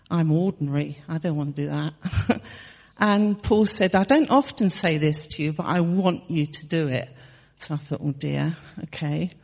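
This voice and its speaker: A woman's voice: lowish voice, darkish tone, big-room sound. A woman in her sixties telling a personal testimony in a chatty storytelling way, laughing often and restarting her sentences. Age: 60s. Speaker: church member sharing testimony.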